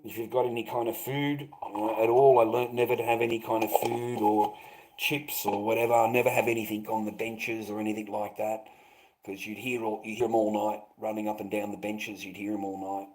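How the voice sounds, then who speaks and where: A man with a fairly low voice rambles to his livestream audience. He swears freely and calls his viewers mate and bro, in a loose, casual way. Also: flat delivery, brisk, a little mellow, low-quality recording.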